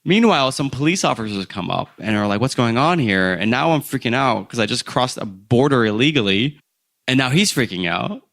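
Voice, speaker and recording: A man in his thirties from Philadelphia, a podcast guest telling travel stories with animated energy and acting out the people in them. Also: mid-range voice, fairly quick, vocal fry. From Philadelphia, USA. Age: 30s. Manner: animated storyteller who acts out the people in his tale, laughing at himself. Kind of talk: travel storytelling in an interview.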